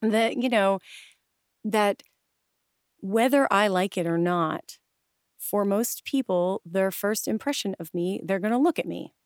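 A woman's voice: medium pitch, measured pace, no echo, studio quality. A woman guest chatting animatedly in an interview, with many restarts and acted-out quotes. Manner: acts out quoted voices. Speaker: guest, improv coach and stylist. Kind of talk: casual interview chat.

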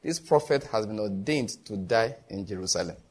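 Husky Nigerian pastor preaching. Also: male voice, on the low side. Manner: animated storytelling, quick asides and laughter. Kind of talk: sermon.

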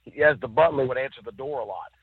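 A man co-hosting a casual chat, telling stories with lively acted-out quotes. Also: mid-range voice, fast, husky, dry recording. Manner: animated storyteller, acts out quotes. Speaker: podcast co-host. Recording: dry, tinny phone-like sound.

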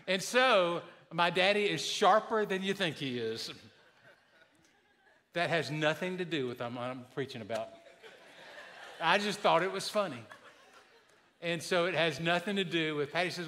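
Male pastor, 50s, folksy humorous storyteller with a bright, slightly high voice. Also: a little slow. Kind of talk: sermon.

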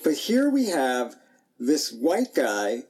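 A man's voice: mid-range voice, huge pitch swings, slow pace, darkish tone. A middle-aged man co-hosting a podcast, chatting casually in a wry, joking way that builds up to punchlines. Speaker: podcast co-host. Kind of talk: casual chat.

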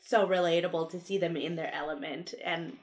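A woman's voice: fairly low pitch, steady tone, a little fast. A woman guesting on a podcast, talking enthusiastically about a film. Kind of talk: casual film discussion.

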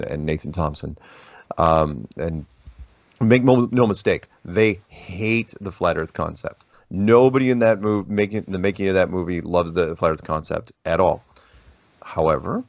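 A man as an interview guest, talking casually and telling rambling, animated stories with many restarts. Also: deep voice, no room sound. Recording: dull lo-fi dry audio.

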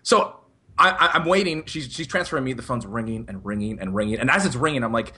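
Young guy telling a story on a podcast, super animated, keeps cracking up, kinda sharp bright voice. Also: mid-range voice, fast, slightly rough. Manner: animated, laughing often while telling a story. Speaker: podcast co-host. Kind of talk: casual storytelling.

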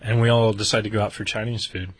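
Husky man, casual storyteller, animated, laughs a lot. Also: fairly low pitch, fast. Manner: animated, acts out quotes, laughs often.

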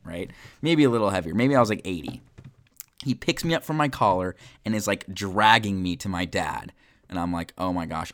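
A young man with a fairly low voice tells a childhood story on his podcast. He speaks casually, with lots of fillers. He acts out quotes with animated energy. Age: young adult. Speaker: podcast host.

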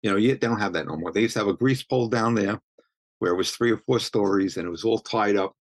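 Talking fast in a lowish voice with no room sound, this interviewee, a street photographer from Brooklyn in his 70s, spins casual stories. He rambles, restarting often and sprinkling in you-knows.

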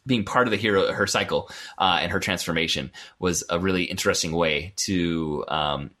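A man's voice: sits low, moderate pace, pushed and bright. A man co-hosting a podcast, talking casually about a film with frequent laughs and fillers. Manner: chatty, laughs often, many fillers. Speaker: podcast co-host.

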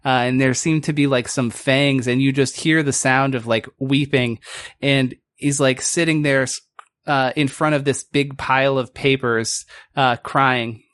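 A man's voice: medium pitch, fairly even intonation, unhurried, fairly bright tone, clear, resonant tone, no room sound. A man narrating as game master in a casual, meandering way, full of fillers. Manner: casual, filler-heavy, laughing asides.

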